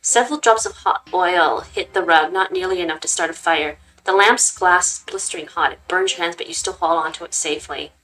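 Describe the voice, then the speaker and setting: A woman reading a text-based game aloud in an expressive way and stopping to make casual remarks. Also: on the low side, a little fast, few pauses, rough recording. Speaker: gaming channel host. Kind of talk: reading a visual novel aloud with comments.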